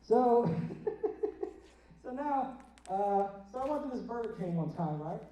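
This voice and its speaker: A young man doing a stand-up set in a theater, chatty and self-mocking, with quick asides to the crowd. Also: high voice, lively intonation. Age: young adult. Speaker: stand-up comedian. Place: theater stage. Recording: dull, echoey theater sound from a distance.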